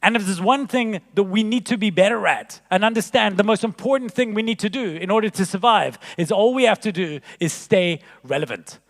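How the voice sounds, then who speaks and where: High-voiced man giving a jokey keynote. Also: a little fast, creaky, hardly any pauses. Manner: jokey, animated storytelling with punchlines. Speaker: keynote speaker. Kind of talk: conference keynote talk. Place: large conference hall. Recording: long reverb of a large hall.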